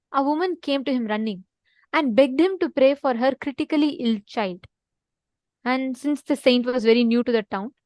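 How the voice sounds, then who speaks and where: Woman, spiritual teacher, earnest and repetitive; high voice, dry close sound. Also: no echo. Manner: earnest, repetitive, prompts listeners to respond. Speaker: spiritual teacher in an online session. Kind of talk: spiritual talk to an online audience.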